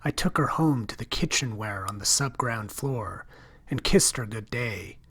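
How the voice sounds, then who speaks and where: Husky-voiced man reading a story. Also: medium pitch, animated, a bit bright. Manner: measured, first-person storytelling. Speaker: story reader. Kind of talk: audiobook reading.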